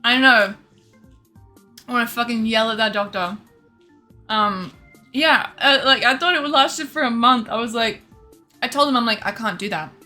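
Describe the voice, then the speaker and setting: A woman streamer casually telling her chat a story, animated and laughing often, acting out what others said and swearing freely. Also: on the high side, normal speed, pauses often. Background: faint background music.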